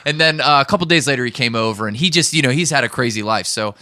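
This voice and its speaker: A man's voice: medium pitch, quick pace, dry recording. Male guest in his thirties, dry close recording, tangent-prone raconteur who swears often. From Pittsburgh, USA. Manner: rambling, animated storyteller who swears freely. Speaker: podcast guest, producer and comedian. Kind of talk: casual interview chat.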